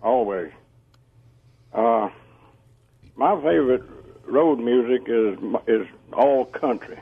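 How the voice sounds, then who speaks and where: A man calling a radio show, friendly and unhurried, laughing often, heard over a tinny phone line. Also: mid-range voice, animated, creaky. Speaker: radio caller.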